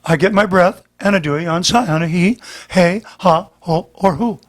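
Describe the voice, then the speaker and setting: High-pitched male vocal coach, slightly worn voice, patient explainer. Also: normal speed. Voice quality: slightly damaged voice. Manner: patient, explanatory, demonstrates as he talks. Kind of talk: demonstrating voice lesson.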